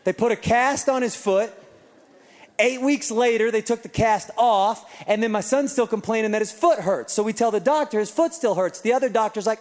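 A man's voice: high voice, moderate pace. A man preaching a sermon, telling a family story with joking asides. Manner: humorous storytelling. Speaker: pastor. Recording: long reverb in a large hall.

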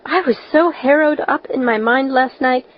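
Talkative dreamy orphan girl, eager, voiced by a woman, highish voice, muffled lo-fi audio. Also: moderate pace. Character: chatty imaginative red-haired orphan girl. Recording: dull lo-fi recording.

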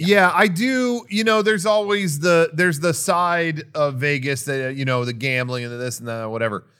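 A man's voice: on the high side, moderate pace, a bit bright, clean tone. A man co-hosting a podcast, bantering casually and riffing with wry jokes. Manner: joking, riffs with wry asides. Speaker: podcast co-host.

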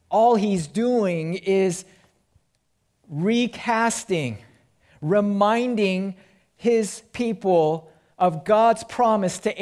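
A male pastor delivering a sermon in a slightly raised voice. He speaks slowly and leans on single words, building up loud and then dropping soft. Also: high voice. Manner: slow, emphatic preaching with swells and drops in volume.

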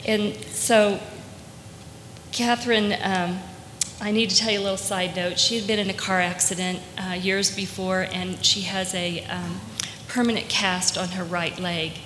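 A woman telling a personal story as a testimony, heartfelt and earnest, often pausing with fillers. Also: mid-range voice, flat delivery, a bit bright, a little hiss or hum. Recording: echoey hall, faint ambience.

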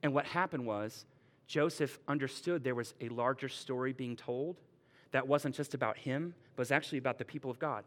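A male pastor giving a conversational, lively sermon with playful retellings. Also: medium pitch, a little fast.

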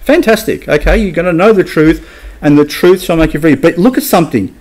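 Emphatic male preacher, higher voice. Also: brisk, a little mellow. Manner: emphatic, rhetorical questions to the congregation. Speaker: pastor. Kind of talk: sermon. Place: church.

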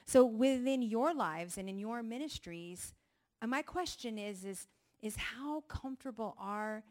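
Middle-aged woman, testimony speaker, animated storyteller who acts out voices. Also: mid-range voice. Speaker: speaker at a ministry gathering. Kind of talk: personal testimony talk.

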